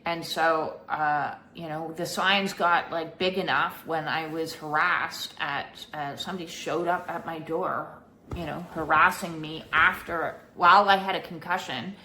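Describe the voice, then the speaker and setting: A middle-aged woman vlogging about her spiritual life, talking in a halting, rambling way with many fillers. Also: sits low, steady tone, bright, forceful tone, reverberant, a little hiss or hum. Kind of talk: casual personal storytelling.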